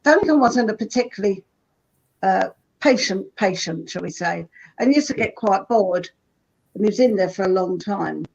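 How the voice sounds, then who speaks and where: A woman's voice: medium pitch, animated, moderate pace, vocal fry, a little mellow. A woman, a guest on an interview show, chatting and telling stories about her husband. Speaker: guest, comedian's wife. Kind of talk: casual anecdote telling. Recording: dull lo-fi sound.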